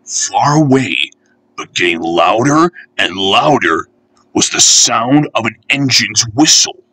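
A man reads a children's storybook aloud, lively and playful, lifting his pitch for each engine he voices. His voice is bright and edged, with a husky grain. The recording is dry and close. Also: takes it slowly, no room sound, poor audio. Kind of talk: storybook narration with character voices.

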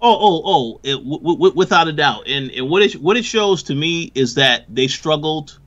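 Bright-voiced man on lo-fi audio. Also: on the high side, expressive, moderate pace. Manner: analytical, critical, builds a point step by step. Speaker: podcast co-host. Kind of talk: casual review chat.

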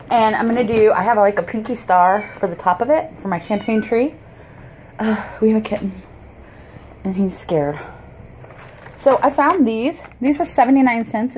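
A woman's voice: medium pitch, darkish tone, a little hiss or hum. A woman, chatting through a shopping haul vlog at home, rambling and apologizing as she goes. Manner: chatty, rambling, apologetic, frequent pauses and restarts. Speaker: vlogger. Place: cluttered home.

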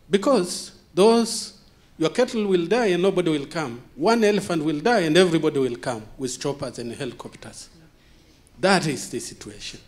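A man with a first language other than English gives an impassioned conference talk, full of repeated rhetorical questions and dramatic pauses. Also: a little high. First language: not English. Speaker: conference speaker. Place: conference hall.

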